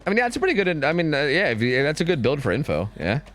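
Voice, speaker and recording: A man streaming a game, chatting excitedly and swearing as he talks to his teammates and viewers. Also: on the high side, rapid-fire, soft background music. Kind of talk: live gameplay commentary.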